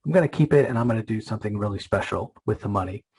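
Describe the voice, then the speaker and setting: A man's voice: on the low side, racing, darkish tone, slightly rough. A man voicing a worried working mother. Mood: resolved.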